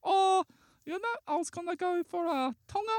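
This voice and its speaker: A podcaster doing a high, sleepy Kiwi bloke. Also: moderate pace, no echo, clean studio sound. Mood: drowsy. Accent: put-on New Zealand. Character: sleepy laid-back New Zealand bloke.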